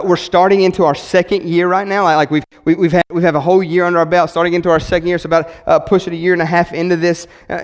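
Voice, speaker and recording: A man, preaching a sermon in an animated way, repeating words and acting out quotes. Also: high-pitched. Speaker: pastor. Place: church sanctuary. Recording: long hall reverb.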